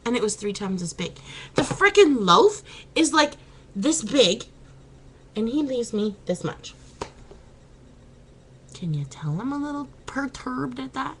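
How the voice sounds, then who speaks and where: A woman's voice: fairly high pitch, big pitch swings, measured pace, long pauses, a bit bright, a little hiss or hum, low-quality recording. A woman chatting casually in a home vlog, laughing and exclaiming as she talks. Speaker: vlogger. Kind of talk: casual chat.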